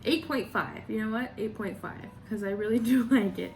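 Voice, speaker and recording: A woman's voice: on the high side, moderate pace. A woman vlogger in casual reaction commentary, laughing often and trailing off mid-thought.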